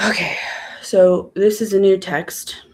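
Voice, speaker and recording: A woman telling her own story in a casual vlog, halting and upset, with many fillers and blunt swearing. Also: mid-range voice, steady tone, a little mellow. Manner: many fillers and trailing pauses.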